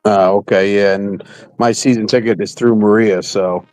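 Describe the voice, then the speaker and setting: A man's voice: on the low side, fairly even intonation, moderate pace, darkish tone, no room sound. A man making brief, easygoing replies in a casual live-stream chat. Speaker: guest, season ticket holder.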